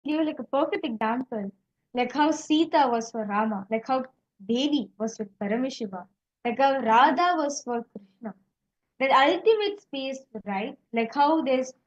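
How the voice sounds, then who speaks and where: Woman, casual spiritual speaker; high voice, dull recording. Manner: casual, many fillers like "like". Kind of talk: spiritual teaching talk.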